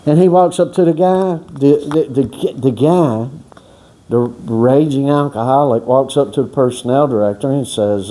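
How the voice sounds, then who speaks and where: Speaking a little slowly in a warm, mid-range voice, a man on a boxing workout channel tells a long, wandering story. He keeps it casual, folksy and profane, starts over many times, and acts out what others said.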